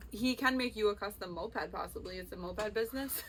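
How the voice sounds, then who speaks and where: Bright, giggly woman co-host. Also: mid-range voice, fairly quick, a little hiss or hum. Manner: giggly and excitable, teasing. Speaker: podcast co-host. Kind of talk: casual chat.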